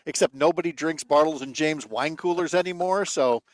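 Man, morning radio host, somewhat high pitch, dry close mic, wry joking banter. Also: moderate pace, no echo. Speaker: morning radio show host, guest host of the day. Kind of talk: casual radio chat. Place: outdoors by a lake at his home.

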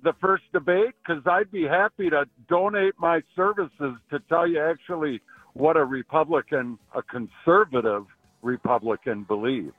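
A man calling in to a radio talk show, speaking haltingly with frequent pauses. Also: a little high, no room sound, soft background music. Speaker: caller. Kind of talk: casual radio call-in. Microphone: telephone. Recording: tinny phone line.

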